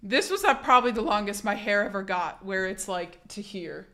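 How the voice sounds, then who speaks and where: Young female streamer, sick and hoarse, casual and blunt, swears freely, restarts sentences a lot. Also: medium pitch, lively intonation, moderate pace, pushed and bright. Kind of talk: casual chat reading a live chat.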